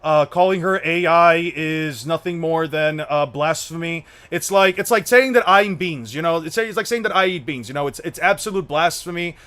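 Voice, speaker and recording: A young man with a notably high voice streams live to his chat. He swears freely, repeats himself, and stumbles through restarts as he talks. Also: normal speed, hardly any pauses, fairly bright tone. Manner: profane, repetitive, stumbling restarts. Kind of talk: livestream chat.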